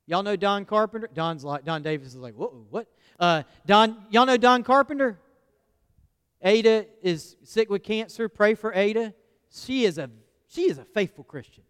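A man's voice: sits high, expressive, normal speed, fairly bright tone, clear, resonant tone. A man preaching a conversational sermon, folksy and often asking the congregation questions. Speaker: pastor. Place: church sanctuary. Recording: long church hall reverb.

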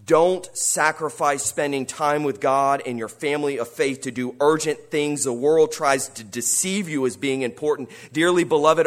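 A man preaching a sermon, earnest, moving between quiet reflection and rising, emphatic appeals. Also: a little high. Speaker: pastor.

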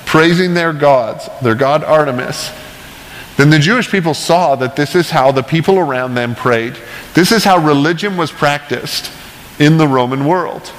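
A man's voice: on the high side, fairly bright tone, in a large hall, low-quality recording. A male pastor preaching a casual, conversational sermon with chatty, self-deprecating asides and frequent "right?" checks.

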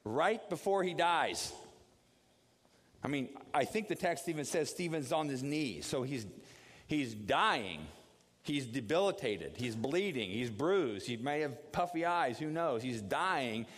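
A man preaching a sermon, telling the story vividly and acting out the quotes in an animated way. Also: unhurried. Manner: animated storytelling with acted quotes, dropping low for prayer. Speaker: pastor. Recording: long hall reverb.

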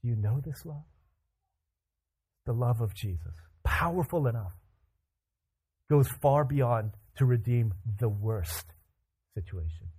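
A man preaching a sermon, animated, acting out the voices in the scripture with casual asides. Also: mid-range voice, slow pace, pauses often, breathy edge.

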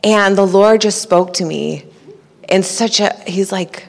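A woman's voice: medium pitch, slow pace, creaky, big-room sound. A woman telling a personal testimony to a church in a chatty way, with many fillers. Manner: chatty, says "like" a lot. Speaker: church member sharing a testimony.

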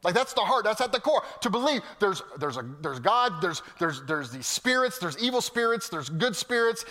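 High, bright-voiced preacher man in a big hall. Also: normal speed, hardly any pauses. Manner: animated, storytelling, swings from loud to hushed. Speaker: pastor. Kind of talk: sermon. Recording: long hall reverb.

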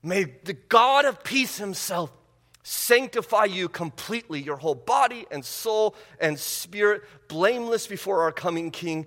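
Bright-voiced male preacher in a hall. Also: sits high, expressive, unhurried. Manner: emphatic preaching with rising intensity; repeats phrases for emphasis. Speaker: pastor. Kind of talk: sermon.

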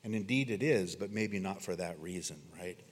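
A man preaching an expository sermon in an earnest way, reading scripture with dramatic pauses and letting phrase endings fall low. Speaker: pastor. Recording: long reverb of a church hall.

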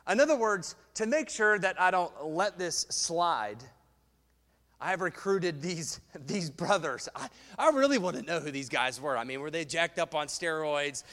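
A man preaching a sermon as pastor in a church, animated and playful, cracking jokes and asides. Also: on the high side, unhurried. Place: church sanctuary. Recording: long reverb in a large hall.

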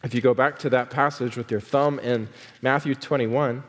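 A male pastor preaching a sermon, casual asides with "uh" fillers that build to fervent, drawn-out emphasis. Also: mid-range voice, steady tone, big-room sound. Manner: conversational asides with frequent "uh" fillers.

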